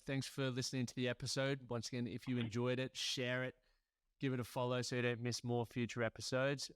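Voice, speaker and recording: A man's voice: medium pitch, a bit bright, smooth, dry recording, studio quality. A man hosting a podcast, friendly and laid-back as he chats with his guest and wraps up the show. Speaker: podcast host. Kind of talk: casual chat.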